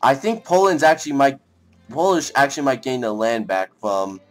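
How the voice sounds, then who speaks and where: A young man casually commenting on a strategy game as he plays, thinking aloud, rambling and breaking into excited outbursts, with faint music behind him. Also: medium pitch, moderate pace. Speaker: let's play gamer.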